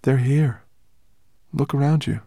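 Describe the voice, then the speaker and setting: A man reading an audiobook, voicing a wary, lonely female silver dragon with a hoarse voice. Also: medium pitch, slow pace, warm tone, no echo, clean studio sound, voice pushed up. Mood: amazed. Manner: uncertain, then earnest and pleading.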